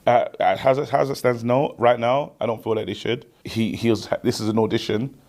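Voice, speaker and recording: A man's voice: mid-range voice, fairly even intonation, fairly quick, darkish tone. A man from Nigeria with a Nigerian accent, a football fan answering an interviewer, hesitant and repeating himself.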